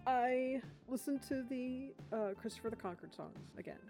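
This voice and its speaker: A woman's voice: sits high, normal speed, dark tone, soft background music. A woman co-hosting a podcast, chatting about songs in a self-deprecating way, swearing casually. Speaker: podcast co-host. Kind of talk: casual chat about music.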